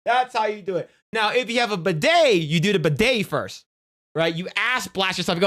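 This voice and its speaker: A man's voice: sits high, lively intonation, normal speed, fairly bright tone. A man live-streaming in casual chat, crude and profane, rambling with restarts in a jokey instructional tone.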